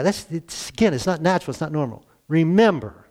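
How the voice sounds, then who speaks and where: A man's voice: a little high, animated, fairly quick, a little mellow. A man in his sixties preaching a conversational church sermon, chuckling often and asking rhetorical questions. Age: 60s. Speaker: pastor.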